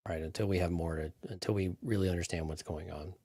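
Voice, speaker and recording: A man's voice: low voice, fairly even intonation, fast talker, dark tone, husky, no room sound, clean studio sound. A man co-hosting a podcast, casually talking through a TV episode and building his point step by step. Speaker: podcast co-host. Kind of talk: casual episode breakdown chat.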